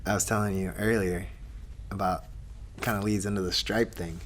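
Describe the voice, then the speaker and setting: Ein Mann mit tiefer Stimme redet ruhig und bedächtig in lockerem Gesprächston, oft mit Füllwörtern. Im Hintergrund ist ein leises Rauschen zu hören. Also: male voice, sits low, a little hiss or hum. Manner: calm, measured, with many "like" fillers. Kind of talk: casual chat.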